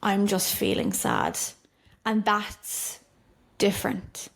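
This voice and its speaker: Woman in her thirties, solo podcast host, conversational and reflective, mid-pitched voice. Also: sing-song, slow pace, gravelly. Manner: reflective, conversational, gentle self-disclosure.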